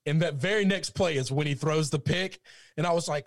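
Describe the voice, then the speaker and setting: A man talks football on a casual podcast, lively and storytelling, slipping into voices when he quotes people. The sound is dry and close with no room around it. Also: a little high, fairly quick, dry recording. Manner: animated storyteller, acts out quotes. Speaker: podcast co-host. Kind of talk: casual sports talk.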